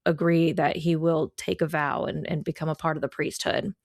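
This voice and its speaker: A woman voicing an older male priest, calm and persuasive. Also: low voice, normal speed, gravelly, no echo, studio quality, pitched below the performer's own voice. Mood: persuading.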